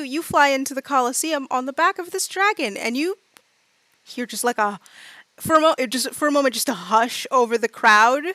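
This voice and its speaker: A woman narrating as game master, chatting loosely with lots of fillers and acting out quick bits of her characters. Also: a little high, a bit bright, no echo. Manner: chatty, many fillers, acts out side characters.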